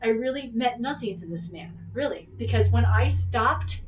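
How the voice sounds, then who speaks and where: A woman's voice: fairly high pitch, animated, moderate pace, far from the mic, a little hiss or hum. A woman hosting a podcast who tells a personal story in casual chat, rambling and candid, swearing freely and acting out what people said. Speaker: podcast host.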